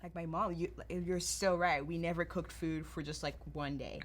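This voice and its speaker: A young woman from Nigeria, now speaking, hosting a casual chat and telling lively stories in which she acts out quoted voices. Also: on the low side, moderate pace. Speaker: podcast host.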